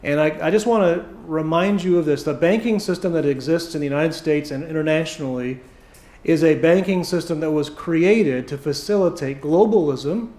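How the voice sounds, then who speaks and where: Hoarse, high-voiced preacher in an echoey church. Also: male voice, darkish tone. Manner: emphatic preaching, slowing for stress. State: hoarse throat. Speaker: pastor. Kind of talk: sermon. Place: church sanctuary.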